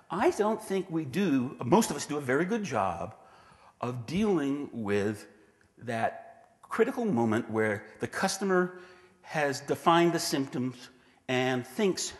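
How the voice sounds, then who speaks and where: A man giving a conference talk who acts out quoted voices and often restarts his sentences, on a clip-on mic. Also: mid-range voice. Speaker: conference speaker. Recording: long reverb in a hall.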